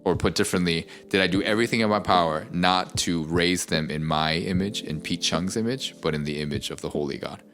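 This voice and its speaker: A man's voice: sits low, a little fast, few pauses, a bit bright, faint music behind. A middle-aged man, a pastor, talking casually on a podcast about his family, reflective and full of small fillers. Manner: reflective storytelling with many fillers.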